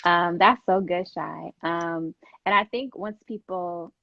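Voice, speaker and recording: A woman's voice: lowish voice, takes it slowly, creaky, muffled recording, background noise. A woman hosting a live interview, asking questions and affirming her guest with encouraging interjections. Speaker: host.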